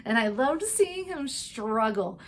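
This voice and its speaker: A woman's voice: a little high, big pitch swings. A woman giving a casual, gushing recap of TV episodes, chatty and full of "like" and "um", briefly acting out the characters' lines. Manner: acts out characters' lines in quick asides. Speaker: TV recap and tarot vlogger.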